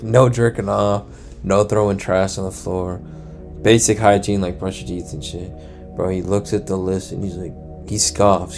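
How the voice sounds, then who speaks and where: A man's voice: lowish voice, a little mellow. A young man casually retelling a true crime story, slangy and profane, acting out the people he quotes. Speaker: storyteller host.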